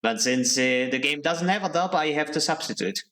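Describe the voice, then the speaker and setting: A man's voice: a little high, a little fast, a bit bright. A man streaming a video game live, chatting casually and answering his viewers as he plays. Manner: chatty, thinks aloud, answers chat.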